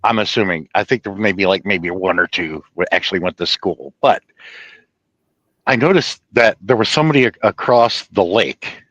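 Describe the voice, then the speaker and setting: A man telling a personal story in a rambling, profane, animated way, laughing at his own tale. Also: deep voice, normal speed, no echo, highs cut off.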